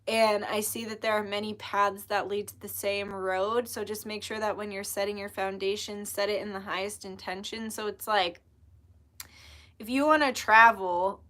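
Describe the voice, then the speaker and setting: A woman's voice: medium pitch, a bit bright. A young woman giving a casual tarot reading, chatty and full of fillers. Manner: chatty, lots of filler "like", spiritual talk. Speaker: tarot reader.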